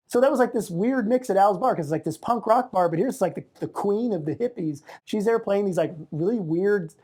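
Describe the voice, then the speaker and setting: A man in his fifties tells old stories in an interview, loose and animated, swearing freely and slipping into other people's voices. His voice has a warm, mellow tone. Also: sits high, fairly quick, few pauses. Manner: animated, profane, slips into quoted voices. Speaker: interviewee, art magazine publisher. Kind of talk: casual reminiscing storytelling.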